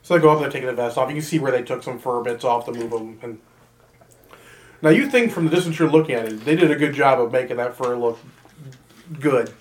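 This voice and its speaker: A man's voice: medium pitch, quick pace, slight background noise. A man running a tabletop role-playing game, narrating scenes casually with joking asides. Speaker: game master.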